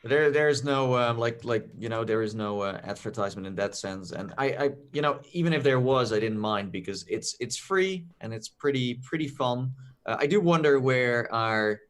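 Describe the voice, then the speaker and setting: Man with a Dutch accent, halting. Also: mid-range voice. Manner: hesitant, many fillers. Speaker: podcast co-host. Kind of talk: casual chat, reading out chat messages.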